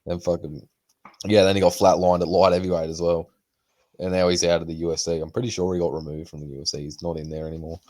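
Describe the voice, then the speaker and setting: A man's voice: low-pitched, fast. A young man hosting a casual podcast, talking loosely and swearing often. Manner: swears a lot, animated retelling with put-on quotes. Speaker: podcast host. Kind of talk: casual chat.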